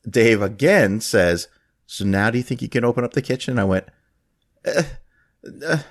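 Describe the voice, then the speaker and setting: A man hosting a podcast, telling a story in casual chat and acting out the people he quotes. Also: moderate pace. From Florida. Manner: animated, acts out quoted voices in a higher pitch. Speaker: podcast host.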